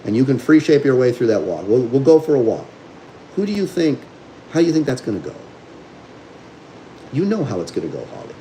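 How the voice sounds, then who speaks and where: A man's voice: medium pitch, very animated, fairly quick, pauses often, warm tone, slight background noise, poor audio. A man hosting a livestream as a dog trainer, talking bluntly and combatively while reading viewer comments.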